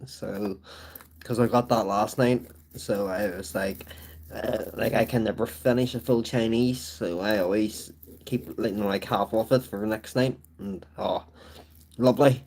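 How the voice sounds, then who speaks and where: A man's voice: lowish voice, steady tone, a little slow, a little mellow. Rambling Belfast man chatting on stream. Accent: Belfast, Northern Irish. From Northern Ireland. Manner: rambling and chatty, with tag phrases like "so it is". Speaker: livestream host. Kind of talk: casual live-stream chat.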